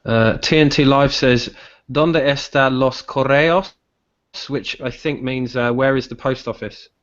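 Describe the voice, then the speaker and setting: Man, stream host, casual chat, mid-pitched, dull lo-fi audio. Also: fairly even intonation, moderate pace. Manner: chatty, hesitant with ums. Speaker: podcast host.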